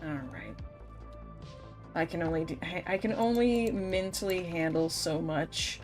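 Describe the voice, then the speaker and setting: A woman's voice: fairly low pitch, unhurried, a little mellow, faint music behind. A young woman streaming a game, chatting casually and playfully with frequent laughs. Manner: playful, laughs often, scolds in mock threats. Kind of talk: casual gameplay chat.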